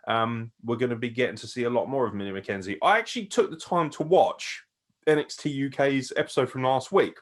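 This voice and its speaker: A man talks wrestling news as a podcast co-host. He is excitable and loose, swearing freely and laughing often. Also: medium pitch, a little fast. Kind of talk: casual wrestling news chat.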